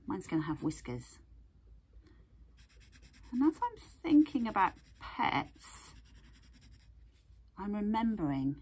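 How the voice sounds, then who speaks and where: A woman art teacher reading a picture book aloud and gently guiding young children to draw, asking them questions as she goes. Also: medium pitch, very animated, slow pace, pauses often, husky.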